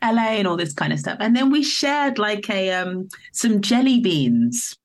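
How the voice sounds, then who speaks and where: A woman's voice: mid-range voice, sing-song, measured pace. A woman from the countryside, a musician telling a story as a guest in a casual interview, rambling and laughing as she goes. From England.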